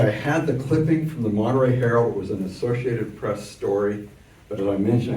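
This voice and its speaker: A man's voice: fairly low pitch, dark tone. An older man giving an economics lecture to adult learners, telling stories from memory in a wry, explanatory way. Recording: echoey room from far off.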